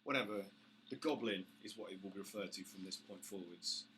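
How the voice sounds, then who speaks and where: A British man running a tabletop game, picking his words slowly with lots of fillers. His voice has a very bright, sharp edge, with a faint hiss under the low-quality audio. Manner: halting, many fillers. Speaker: game master.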